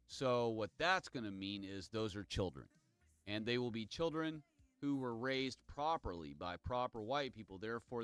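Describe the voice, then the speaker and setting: A man's voice: fairly low pitch, dry recording. Man rambling on a solo livestream. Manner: meandering, digressive, reads viewer comments aloud. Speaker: livestream host.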